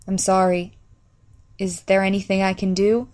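A sympathetic man, read by a woman who speaks gently and trips over his words. He sounds unsure and careful. It is an audiobook figure in a mid-pitched voice. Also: little pitch movement, normal speed, natural voice. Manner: gentle, hesitant. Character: sympathetic man, old friend, unsure what to say.

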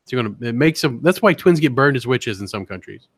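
A man co-hosting a casual podcast, trading wry, swearing banter and quick asides. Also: mid-range voice, lively intonation, dry recording. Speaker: podcast co-host. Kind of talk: casual chat.

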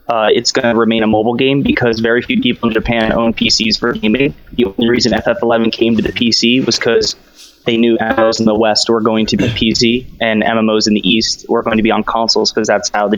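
A man's voice: medium pitch, a bit bright. A man calling in to a podcast, earnestly explaining his view. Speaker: caller. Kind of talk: call-in opinion. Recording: muffled call line with faint noise.

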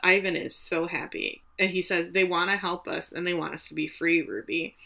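A woman co-hosting a casual chat, retelling a film's story in an animated, emotional way. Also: lowish voice, moderate pace, gravelly. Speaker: podcast co-host recapping a film.

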